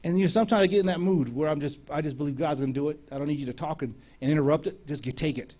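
A man preaching, telling a lively story and acting out the dialogue of the people in it. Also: fairly high pitch, very fast. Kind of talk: sermon storytelling.

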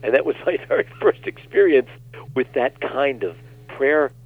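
A man, a guest minister, telling animated stories on a talk show and acting out the quotes. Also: mid-range voice, normal speed. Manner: animated storyteller, acts out quotes. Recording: tinny phone line.

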